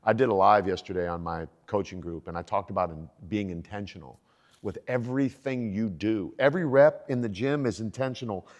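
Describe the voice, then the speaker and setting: This is a man in his sixties with a fairly low voice, talking about fitness on a podcast. He sounds energetic and motivational, and the recording has a long, hall-like reverb. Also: fairly quick, muffled recording. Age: 60s. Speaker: podcast guest, fitness coach. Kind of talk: casual podcast conversation.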